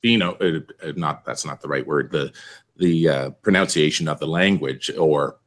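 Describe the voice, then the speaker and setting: A man on a casual group call who speaks slowly and gropes for the right words. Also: very deep voice. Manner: slow, groping for words.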